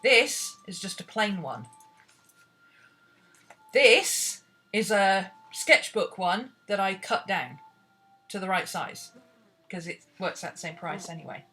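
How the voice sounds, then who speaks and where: A British woman with a bright, crisp voice leads a relaxed painting lesson. She chats and rambles, musing aloud as she works, with soft music underneath. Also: medium pitch, slow pace, pauses often. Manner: chatty, rambling, talks to herself while searching. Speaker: art teacher. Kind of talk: casual painting tutorial.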